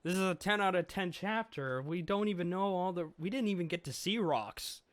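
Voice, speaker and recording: A man's voice: sits high, animated, normal speed, no room sound. A man giving a chatty, rambling comic review, swearing casually as he thinks aloud.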